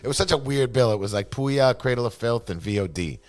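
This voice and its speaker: A man's voice: medium pitch, lively intonation, a little fast. A man chatting casually and loosely about bands, swearing offhandedly. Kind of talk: casual chat.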